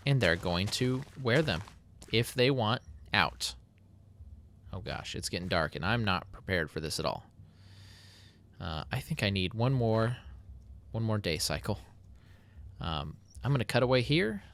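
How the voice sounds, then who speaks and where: A man's voice: fairly low pitch, fairly bright tone. A man casually narrating his building game, chatty and self-mocking. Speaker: Minecraft YouTuber. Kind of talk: casual gameplay commentary.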